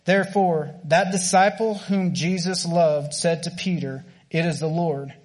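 American man, slightly high voice, chatty sermon delivery with lots of restarts. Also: fairly even intonation, unhurried, darkish tone. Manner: casual, conversational preaching with frequent fillers and restarts. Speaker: preacher.

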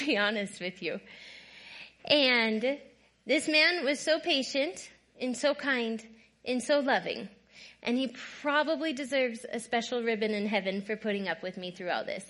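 Bright high-voiced woman giving testimony. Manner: candid and conversational, often asking "right?". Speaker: guest speaker. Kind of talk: personal testimony talk.

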